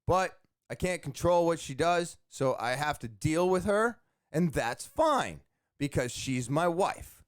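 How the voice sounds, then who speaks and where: A man's voice: on the high side, expressive, unhurried, clear, resonant tone, no room sound, studio quality. A man hosting his own show, telling a long rambling story with many fillers and repeated words. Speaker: podcast host. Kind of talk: casual storytelling monologue.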